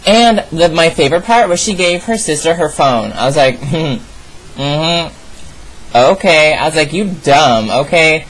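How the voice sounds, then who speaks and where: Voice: mid-range voice, slight background noise, low-quality recording. A young adult vlogger telling a story in an exasperated, sassy rant with plenty of asides.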